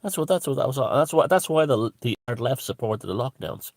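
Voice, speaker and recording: A man's voice: medium pitch, animated, moderate pace, no room sound, clean studio sound. A middle-aged Irish man giving a profane, sarcastic ranting monologue, full of "you know". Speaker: satirist.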